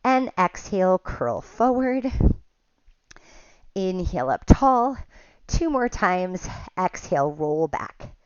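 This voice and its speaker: A woman teaching a pilates class, giving calm step-by-step cues and counts, a little out of breath at times. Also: mid-range voice, slow pace, long pauses, clear, resonant tone, dry recording, lo-fi sound. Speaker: pilates instructor. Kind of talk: guided exercise class cues.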